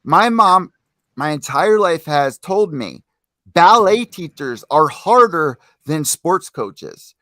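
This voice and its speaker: A male podcast co-host with an energetic, joking manner, quick to tease. His voice is on the high side and sounds close and dry, with no room echo. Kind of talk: casual podcast banter. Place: home city in the East.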